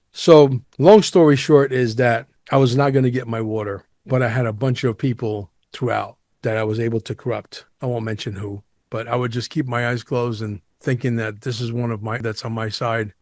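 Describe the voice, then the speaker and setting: A man hosting a podcast, telling a long story in a casual, animated, profane and exaggerated way. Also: medium pitch, a little fast, no echo, clean studio sound. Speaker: podcast host.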